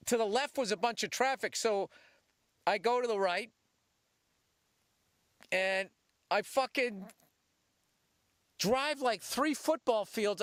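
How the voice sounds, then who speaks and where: High bright-voiced guy telling a sweary story, super animated. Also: clean tone, dry recording, studio quality. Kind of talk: casual profane anecdote.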